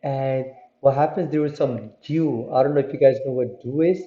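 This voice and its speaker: A man telling a religious story to children, lively and often asking his listeners questions. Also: medium pitch, normal speed. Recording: muffled, roomy recording.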